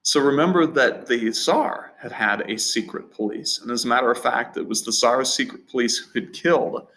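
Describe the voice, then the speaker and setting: A man's voice: medium pitch, moderate pace, pushed and bright, low-quality recording. A man teaching a history lesson in an unscripted, conversational way, often repeating words and restarting phrases. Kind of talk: recorded history lecture.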